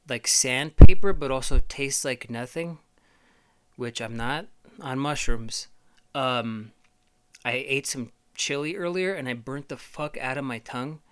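Casting: man, solo comedy host, profane rambling riffs, bright crisp voice. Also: mid-range voice. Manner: profane, rambling, halting with fillers. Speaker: podcast host.

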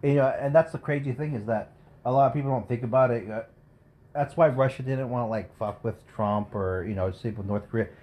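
A man's voice: medium pitch, brisk, a little mellow. A man co-hosting a podcast, telling stories in a crude, profane casual chat. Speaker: podcast co-host.

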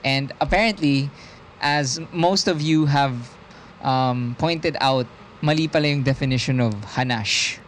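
A man's voice: mid-range voice, unhurried, slight background noise. A man co-hosting a casual podcast, rambling with hesitant fillers. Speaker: podcast co-host. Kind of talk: casual chat.

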